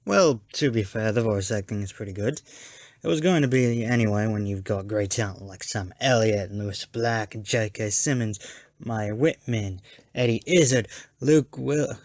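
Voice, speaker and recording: A man's voice: on the low side, normal speed, darkish tone, no room sound. A man giving a sarcastic, jokey scripted movie review with mocking asides. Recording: dull lo-fi home mic.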